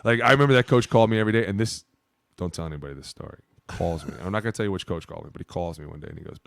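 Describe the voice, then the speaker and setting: A man in his thirties, a podcast co-host telling stories in a loose, profane, animated way. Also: low voice, rapid-fire, vocal fry, no room sound. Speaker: podcast co-host, former player. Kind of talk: casual storytelling chat.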